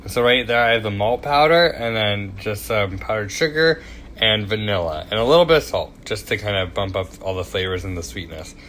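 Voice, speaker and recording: With a lowish, fairly bright voice and lively intonation, a young man talks a little fast through a casual cooking demo in his home kitchen. He's chatty and pokes fun at himself, dropping fillers and asides as he works, and the audio carries a little hiss or hum.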